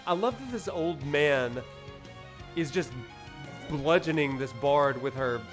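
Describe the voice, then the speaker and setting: A man's voice: fairly high pitch, lively intonation, takes it slowly, faint music behind. A man giving playful, joking commentary as he plays through a game. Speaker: game streamer. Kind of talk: let's play commentary.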